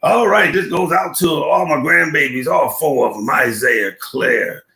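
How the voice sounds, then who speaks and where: An older man hosting a live stream, chatting in slang, telling a comic story and giving shout-outs to his viewers. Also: a little high, unhurried, gravelly, reverberant. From Buffalo, New York.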